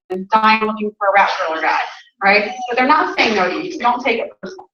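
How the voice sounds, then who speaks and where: A woman's voice: medium pitch, lively intonation, fast, sharp tone, soft background music. A chatty Southern US woman with a Southern accent, coaching a small group in a casual training talk and laughing often. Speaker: sales trainer. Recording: roomy, distant, dull.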